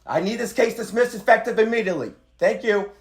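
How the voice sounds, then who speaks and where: A man's voice: high-pitched, fast talker. A man on speakerphone arguing insistently, repeating himself and talking over the other person. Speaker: caller. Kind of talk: heated phone argument.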